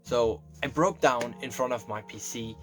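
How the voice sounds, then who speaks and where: A man's voice: mid-range voice, normal speed. A young man telling a confessional story, rambling and emotional, close to tears and swearing often. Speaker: vlogger. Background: faint background music.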